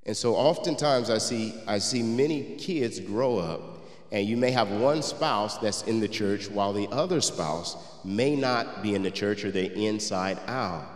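Preacher guy, lowish voice, big echoey church hall, gets choked up telling a story. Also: measured pace. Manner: reads scripture in old-fashioned English, then tells a personal story; gets emotional and quiet while telling the story. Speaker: pastor. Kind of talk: sermon. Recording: roomy hall with long reverb.

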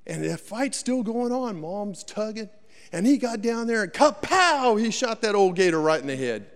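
A man with a drawl tells a sermon story in a folksy, dramatic way, acting out every voice. His voice sits a little high for a man. It rings with a long reverb, as in a large church hall. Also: very animated, moderate pace. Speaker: preacher.

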